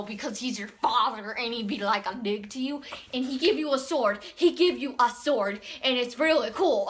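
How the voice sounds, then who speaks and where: Woman, high voice, casual rambling game recap, acts out quoted lines, clear background noise. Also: a bit bright. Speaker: gaming channel host.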